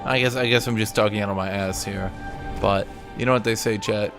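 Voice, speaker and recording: A man's voice: on the low side, steady tone, fairly quick. A man streaming a game, talking casually in a rambling, profane, sarcastic way. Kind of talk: casual gameplay commentary. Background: game music.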